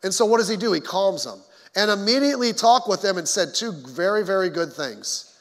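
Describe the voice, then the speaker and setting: A pastor with an animated, high voice preaches at a fairly quick pace in a church sanctuary, with long hall reverb audible. The sermon is folksy and conversational, peppered with joking asides to the congregation.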